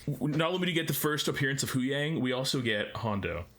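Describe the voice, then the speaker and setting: A man hosting a casual podcast, halting with many fillers as he reads episode summaries and chats. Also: medium pitch, animated, over a noisy crowd. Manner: hesitant, many fillers and restarts. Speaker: podcast host.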